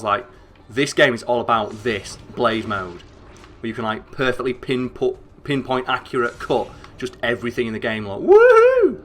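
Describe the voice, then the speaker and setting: A young man with a northern English accent, chatting excitably and swearing as he streams a game, rambling with lots of fillers. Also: mid-range voice, slight background noise. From northern England. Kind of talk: casual gameplay commentary.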